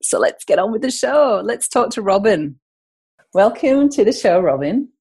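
A woman's voice: mid-range voice, normal speed, breathy edge, dry recording. Chatty northern English woman. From north of England. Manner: chatty, animated, self-correcting. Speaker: podcast host. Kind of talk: casual podcast monologue.

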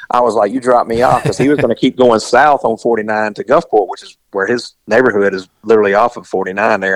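A man's voice: on the low side, no echo, low-quality recording. Man telling a rambling road-trip story. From US South. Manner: rambling, animated, acts out quoted voices. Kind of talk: casual storytelling.

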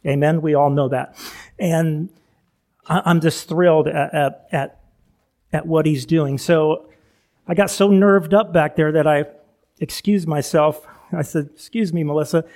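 A man's voice: fairly high pitch, unhurried, darkish tone. A middle-aged male pastor giving a chatty sermon, full of asides, laughing at himself and restarting sentences.

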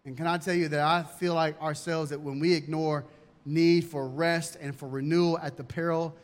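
A man's voice: on the high side, little pitch movement, moderate pace. A male pastor preaching a sermon emphatically and asking rhetorical questions, in a church. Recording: long hall reverb.

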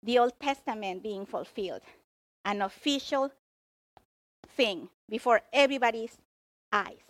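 Slow, high-voiced woman preaching. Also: no room sound. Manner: emphatic, expressive storytelling. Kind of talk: sermon.

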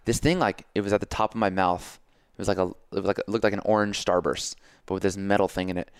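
Low, smooth-voiced man chatting. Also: quick pace, no room sound, studio quality. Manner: animated, storytelling, acts out his own self-talk. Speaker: podcast host and coach. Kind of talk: casual conversation.

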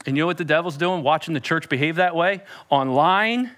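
A man preaching a sermon as pastor, animated and conversational with a playful edge. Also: a little high, a little fast.

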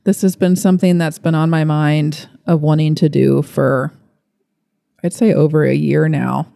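A young adult woman hosting her own wellness podcast, talking in a gentle, earnest way with open excitement. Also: deep voice, normal speed, gravelly, no echo. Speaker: podcast host. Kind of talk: casual solo podcast talk. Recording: dry close recording with faint music.

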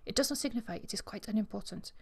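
A woman's voice: medium pitch, racing, creaky, husky, pitched above the performer's own voice. A woman reading the part of a dramatic, morbid eighteen-year-old French girl in a breathless, theatrical way.

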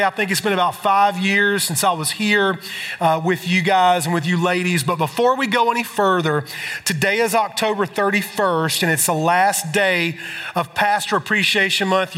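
Preacher guy in his 40s, high bright voice, joking around, big echoey church hall. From South Carolina. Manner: chatty, joking, emotional asides. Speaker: guest preacher. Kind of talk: sermon introduction. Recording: hall echo from pulpit mic.

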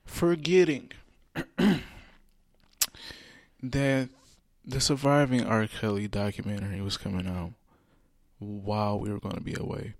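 A man's voice: fairly low pitch, steady tone, unhurried, pauses often, no echo, clean studio sound. A young man co-hosting a podcast, talking in a laid-back, rambling way with fillers. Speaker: podcast co-host. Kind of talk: casual podcast chat.

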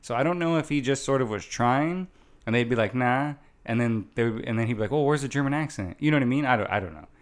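A man's voice: medium pitch, fast. A man in casual movie chat as a podcast co-host, rambling with many fillers and restarts.

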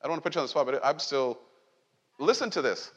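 A man pastor delivers a loose, conversational sermon in a slightly high voice, joking and asking the congregation questions. The sound is dull and muffled, and it rings with a long reverb in a big church hall. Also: quick pace. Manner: conversational, animated preaching with jokes and asides. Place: church sanctuary.

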